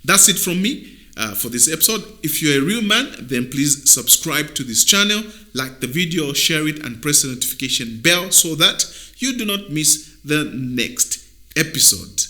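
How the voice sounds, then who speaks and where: A man hosting a motivational video, speaking emphatically like a preacher, dropping to near-whispers and then rising loud. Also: on the high side, animated, moderate pace. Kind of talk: motivational talk.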